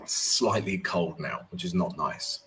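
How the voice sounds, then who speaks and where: A man's voice: deep voice, takes it slowly, sharp tone, a little hiss or hum. Chatty man hosting a trading live stream. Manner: chatty, reads viewer comments aloud and answers them; upbeat greetings, talks while walking through charts. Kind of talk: casual live-stream chat.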